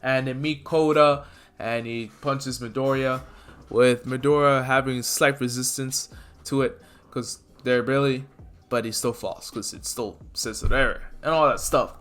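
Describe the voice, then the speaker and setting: A man's voice: medium pitch, steady tone, moderate pace, a bit bright, clean tone. A man casually narrating a fan story, rambling with many fillers. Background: faint lofi music.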